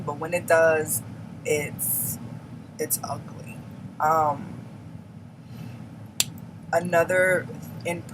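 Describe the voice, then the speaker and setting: A woman's voice: low-pitched, noisy background. Blunt, candid woman vlogging. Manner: candid, blunt, emphatic with laughs. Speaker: beauty vlogger. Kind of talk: casual confessional chat.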